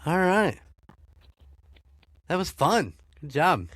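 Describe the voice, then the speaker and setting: A man's voice: on the high side, sing-song, slow pace, fairly bright tone, no room sound. An American man hosting a podcast, chatting casually, swearing freely and laughing often. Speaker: podcast host. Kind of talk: casual chat.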